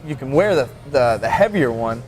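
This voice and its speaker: A man's voice: medium pitch, animated, moderate pace, darkish tone, faint music behind. A man who is a mixed martial arts fighter, talking as a podcast guest in a laid-back, rambling way. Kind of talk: casual podcast chat.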